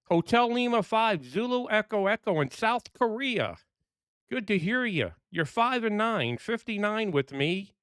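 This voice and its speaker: A man's voice: high voice, expressive, a bit bright, clean tone, no echo, studio quality. A man, a ham radio operator, calling and chatting with an upbeat, enthusiastic manner. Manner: upbeat, enthusiastic, brisk call signs. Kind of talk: radio calls and casual chat. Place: home room in New York.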